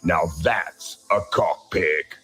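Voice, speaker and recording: A man playing an over-eager host of a rooster show, hammy and prone to shouting bursts. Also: slow, husky, faint music behind, full character voice. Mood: salesy. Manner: hammy, shouting bursts, wildly swooping pitch.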